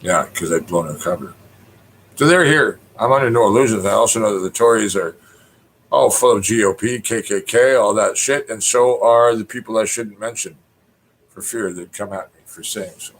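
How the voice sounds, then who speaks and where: A man's voice: on the low side, moderate pace, a little hiss or hum, rough recording. A middle-aged Canadian man ranting in a rambling spoken monologue, cursing freely and mimicking other people in raised voices. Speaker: poet.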